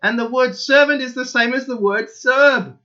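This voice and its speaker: A man with a high, bright voice talks straight to his viewers in an eager, insistent monologue, repeating himself as he presses each point. The recording sounds dull and lo-fi. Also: moderate pace. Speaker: channel host. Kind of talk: opinionated solo monologue to viewers.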